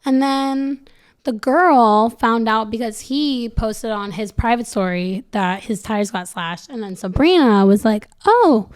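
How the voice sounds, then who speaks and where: A woman's voice: on the high side, measured pace, clean tone. Young woman rambling with constant "like". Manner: rambling, fills every phrase with "like". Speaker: podcast guest. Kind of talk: casual storytelling.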